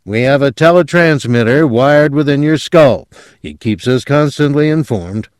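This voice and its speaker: A man voicing a calm, commanding police officer who speaks in a measured, authoritative way, in an audiobook reading. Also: medium pitch, dry recording, clean studio sound, pitched above the performer's own voice, lightly acted. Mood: matter-of-fact.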